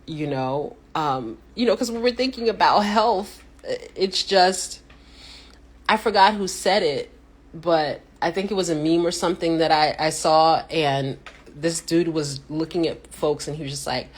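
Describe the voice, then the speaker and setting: Lively woman telling a story. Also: unhurried, breathy edge. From United States. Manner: animated storyteller who acts out quotes with sudden pitch jumps. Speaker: host. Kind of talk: casual livestream chat.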